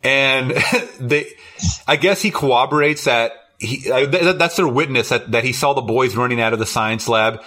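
A man's voice: medium pitch, moderate pace, sharp tone. A man co-hosting a podcast, casually retelling a horror movie's plot with lots of swearing and laughter. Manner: rambling, profane, laughs while retelling scenes. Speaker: podcast co-host. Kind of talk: casual movie recap chat.

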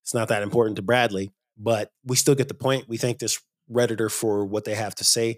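A man's voice: on the low side, steady tone, fairly quick, dry recording, studio quality. Opinionated male podcast host. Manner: opinionated, gets heated and emphatic. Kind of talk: casual podcast chat.

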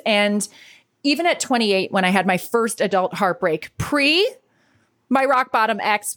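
A woman in her late thirties from New York, talking in a loose, candid podcast monologue. She is chatty and open, drops the odd swear word, and lets her thoughts run on at a middle pitch. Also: fairly bright tone. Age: 30s. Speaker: life coach and podcast host.

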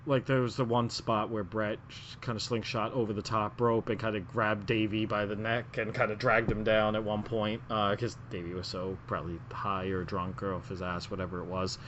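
A man's voice: fairly low pitch, level tone, moderate pace, few pauses, fairly bright tone, a little hiss or hum. A man co-hosting a casual wrestling podcast, rambling through his picks with lots of filler words and restarts. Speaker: podcast co-host. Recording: muffled lo-fi audio.

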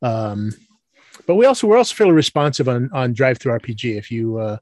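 A man interviewed about his game publishing, relaxed and stumbling over his words. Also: mid-range voice, brisk, dry recording. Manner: relaxed, stammering restarts. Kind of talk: casual interview chat.

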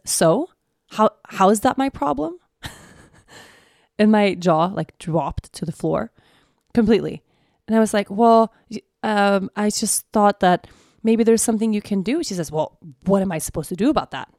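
Gravelly animated woman telling a story. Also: medium pitch, moderate pace, pauses often, dry recording, studio quality. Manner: animated, acts out the people in her story. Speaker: podcast host. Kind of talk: casual personal storytelling.

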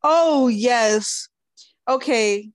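A woman's voice: fairly high pitch, extremely slow, no room sound. A woman co-hosting a podcast, adding short agreeing remarks in casual chat. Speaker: podcast co-host.

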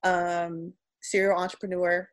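A woman's voice: fairly low pitch, flat delivery, measured pace. Offhand woman entrepreneur. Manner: offhand, unsure what to say. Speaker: entrepreneur, podcast guest. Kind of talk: casual group podcast chat.

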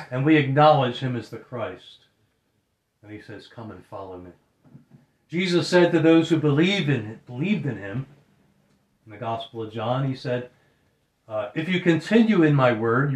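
A man preaching a sermon earnestly, often repeating phrases for emphasis. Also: mid-range voice. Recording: roomy echo.

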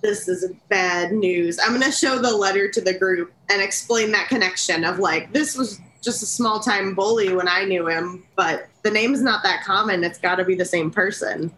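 A woman's voice: mid-range voice, normal speed, few pauses, fairly bright tone, reverberant, a little hiss or hum, low-quality recording. A woman playing a tabletop game, talking earnestly about her character's actions. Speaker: player.

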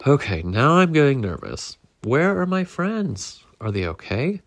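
A man putting on a fretful little storybook egg, a fussy male character whose voice bounces up and down and lifts well above a plain speaking tone. The delivery is lively and unhurried, with a gravelly edge. The sound is dry and close. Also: dry recording, heavily acted. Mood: anxious. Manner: lively, rising to a nervous pitch. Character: fretful male egg who stays home.

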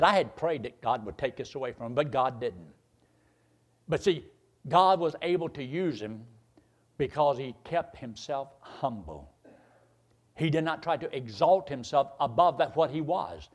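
An older man preaching a sermon, climbing to loud emphatic peaks and then dropping low and quiet. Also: lively intonation, normal speed.

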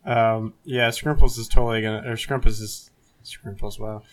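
A man's voice: lowish voice, steady tone, moderate pace. A young man playing a tabletop game, hesitant and stumbling over his words. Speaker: player. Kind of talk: casual game chat.

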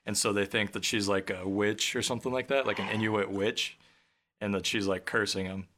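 A man co-hosting a podcast in casual chat, laid-back and quick to laugh. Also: lowish voice, steady tone, pushed and bright, slight background noise. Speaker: podcast co-host.

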